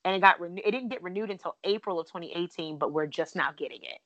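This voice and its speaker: A woman's voice: fairly low pitch, quick pace, fairly bright tone, dry recording, lo-fi sound. A woman hosting a podcast, chatting casually and bubbly with lots of asides. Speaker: podcast host.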